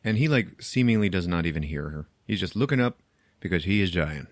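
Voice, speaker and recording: A man's voice: deep voice, lively intonation, brisk, no echo. A man hosting a podcast, recapping a film plot in casual chat, chatty and profane, laughing at his own jokes, on a close microphone.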